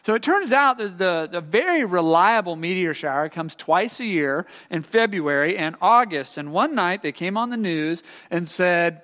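A middle-aged man preaching a sermon, an animated storyteller who acts out the voices in his story. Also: sits high, moderate pace, few pauses, big-room sound. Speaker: pastor. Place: church sanctuary.

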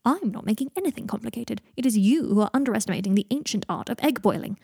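A woman doing a stubborn, haughty young man who teases in a dry, arch way, with a husky tone and a warm, low-key sound. This is an audiobook reader putting on the voice. He stays dry and close to the mic. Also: expressive, quick pace, no room sound, full character voice. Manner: arch, teasing, stern.

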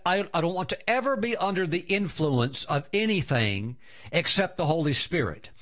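A male pastor preaching a lively sermon, telling anecdotes and breaking into exuberant shouts of hallelujah and praise. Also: on the high side.

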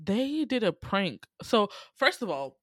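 A woman's voice: medium pitch, big pitch swings, takes it slowly, a bit bright, no echo, studio quality. A woman co-hosting a podcast, telling stories in loose, profane casual chat full of slang.

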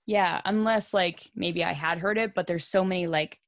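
A young Canadian woman co-hosting a podcast, telling a story in a casual, animated way and laughing often. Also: lowish voice, moderate pace, no room sound, studio quality. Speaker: podcast co-host.

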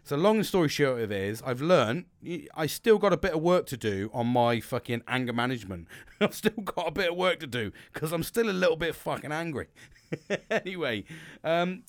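A man's voice: a little high, sing-song, normal speed, dry recording. A man hosting a podcast, telling a rambling, sweary story in a casual monologue. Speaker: podcast host.

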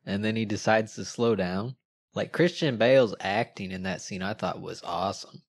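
A man's voice: fairly low pitch, moderate pace, dry recording. A man co-hosting a podcast, talking enthusiastically about a film with lots of fillers. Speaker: podcast co-host. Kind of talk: casual movie review chat.

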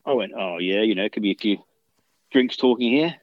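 A man's voice: fairly low pitch, fairly quick, no echo, muffled recording. A man, a guitarist, telling long casual anecdotes in an interview, full of restarts and fillers. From Australia. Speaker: guitarist guest.

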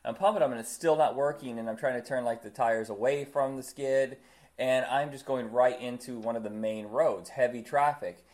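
A man's voice: medium pitch, moderate pace, a little mellow. A man from Indiana in his thirties, telling stories in casual chat, swearing freely and acting out voices. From Indiana, USA.

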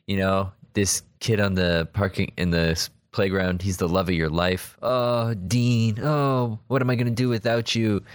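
A co-host in casual chat, relaxed and reflective, chiming in with jokes. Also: low voice, no echo, studio quality. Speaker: podcast co-host.

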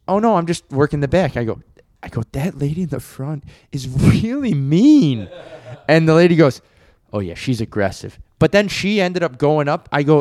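A man's voice: on the high side, a little mellow, dry recording, clean studio sound. A man, co-hosting a casual podcast and telling a rambling story with many restarts. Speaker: podcast co-host. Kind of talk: casual chat.

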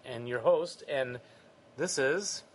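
A man's voice: medium pitch, takes it slowly, a little hiss or hum. Joking male podcast host. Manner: joking, teasing, dry humor. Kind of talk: casual podcast banter.

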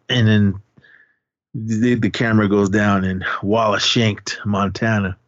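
A man's voice: fairly low pitch, steady tone, moderate pace, no echo, dull audio. A man co-hosting a podcast, casually retelling a film's plot with many fillers and quoting lines from it. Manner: rambling retelling with acted-out quotes and filler words. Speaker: podcast co-host. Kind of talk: casual movie recap chat.

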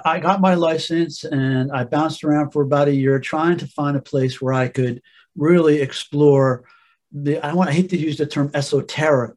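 Earnest rambling man telling a story. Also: on the high side. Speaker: guest. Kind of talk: storytelling in a podcast interview.

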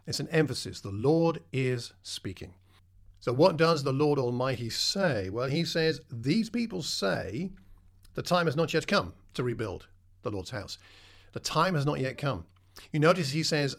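A man preaching a sermon in a conversational way, putting questions to his listeners. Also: mid-range voice.

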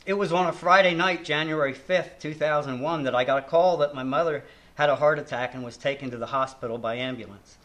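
A man's voice: fairly high pitch, brisk, a bit bright, highs cut off. An older man preaching a sermon in an earnest, reflective way, often restarting and letting his line endings fall.

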